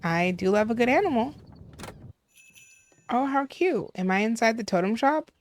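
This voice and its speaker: Curious young woman, lively gameplay chat. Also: a little high, normal speed, no echo. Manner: curious, gasps and coos at cute things. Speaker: gaming video host. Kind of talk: casual gameplay commentary.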